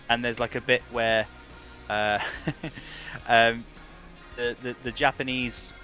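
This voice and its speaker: A man's voice: medium pitch, sharp tone. A man who works as a voice director, giving long, rambling interview answers full of restarts.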